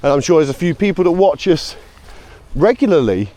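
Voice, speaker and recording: A man's voice: fairly high pitch, very animated, a little fast, mellow. A British man chatting casually to camera while out walking his dog, rambling, with sarcastic asides. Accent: British English. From United Kingdom. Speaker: vlogger.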